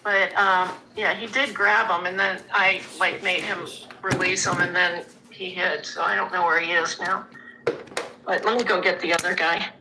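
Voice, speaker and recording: A woman's voice: lowish voice, level tone, normal speed, noisy background. A woman pet owner chatting casually, rambling and restarting her sentences. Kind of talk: casual street chat.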